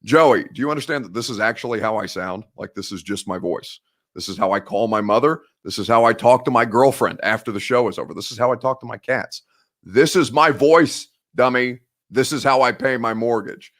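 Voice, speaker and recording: Fired-up sports host with Midwestern accent. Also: male voice, fairly low pitch, fairly quick, a bit bright. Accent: Midwestern American. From Indiana. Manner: heated, sarcastic, swears freely. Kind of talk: sports talk show rant.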